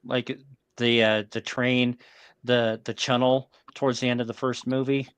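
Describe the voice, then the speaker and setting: A man's voice: mid-range voice, level tone, a little slow, fairly bright tone, smooth, no room sound. A man co-hosting a casual podcast chat, speaking hesitantly with many fillers. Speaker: podcast co-host.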